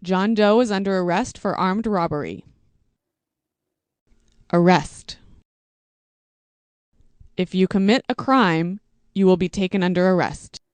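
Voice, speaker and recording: A woman reading vocabulary words and example sentences for English learners, in a slow, deliberate, evenly paced way. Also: lowish voice, clean tone, dry recording. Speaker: English teacher.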